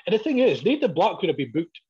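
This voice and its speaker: A man, a professional wrestler, telling sweary, animated stories in casual chat and acting out both sides of each exchange. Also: high voice, fast, husky. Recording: dull lo-fi audio.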